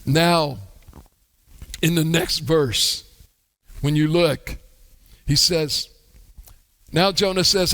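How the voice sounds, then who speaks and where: Male pastor, bright and high, slow playful sermon delivery, big reverberant sanctuary. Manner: humorous, acts out quoted voices. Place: church sanctuary. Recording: long church hall reverb.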